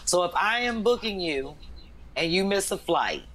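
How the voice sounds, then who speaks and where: A woman's voice: fairly low pitch, big pitch swings, moderate pace, fairly bright tone. A woman who is a full-time comedian, talking bluntly and emphatically in a casual chat. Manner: blunt, emphatic, talks with conviction.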